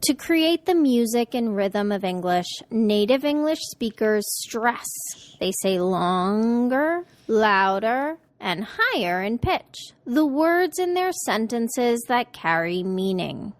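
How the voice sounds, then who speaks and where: A woman presenting a scripted English pronunciation lesson, speaking clearly and deliberately and modeling sample words. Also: a little high, big pitch swings, no echo.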